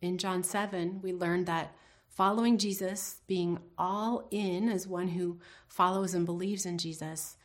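A woman's voice: lowish voice, steady tone, unhurried. A woman teaching a devotional Bible lesson in an earnest, reflective way, putting questions to her listeners.

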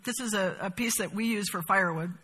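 A woman leads a Bible study, reading verses aloud and explaining them with expressive emphasis. Her voice is bright and a little husky. A long hall reverb trails behind her words. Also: medium pitch, fast.

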